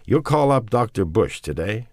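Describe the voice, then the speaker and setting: A man's voice: fairly low pitch, big pitch swings, moderate pace, creaky, a little mellow, no echo, studio quality, voice pushed up, exaggerated voice. A man voicing an anxious, reassuring young husband. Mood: worried. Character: worried young husband and father.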